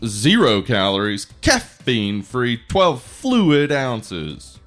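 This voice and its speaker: A man's voice: medium pitch, wildly swooping pitch, slow pace, a bit bright, soft background music. A man co-hosting a casual podcast, dry and joking. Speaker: podcast co-host. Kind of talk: casual chat.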